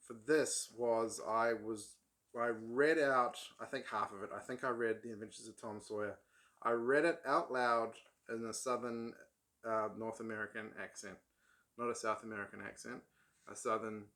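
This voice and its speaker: A book vlogger chats casually about his old paperbacks in a medium-pitched, slightly bright voice. His talk rambles, full of ums and restarts.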